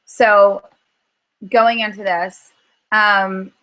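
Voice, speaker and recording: This woman, a weight-loss coach, speaks very slowly in a medium-pitched voice during a group call on emotional eating. Earnest and animated, she tells stories while voicing her own inner thoughts out loud. Poor audio quality.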